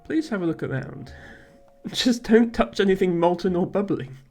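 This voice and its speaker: Streamer lady reading as an upbeat hotel guy welcoming guests to his volcano lodge, plain voice with no accent put on, middling pitch, faint music behind. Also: animated, moderate pace, a little mellow, lightly acted. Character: cheerful male volcano hotel host.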